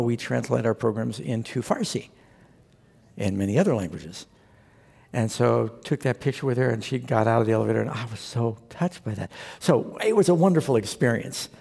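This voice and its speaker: A pastor preaches, earnestly telling stories and urging his congregation on. His mid-range male voice is mellow and creaky with a breathy edge, and a large hall lends it long reverb.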